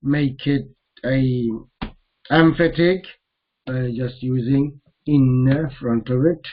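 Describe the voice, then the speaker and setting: A man teaching a grammar lesson, repeating each Arabic term slowly as he mixes it into English explanations. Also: mid-range voice, steady tone, highs cut off, a little hiss or hum.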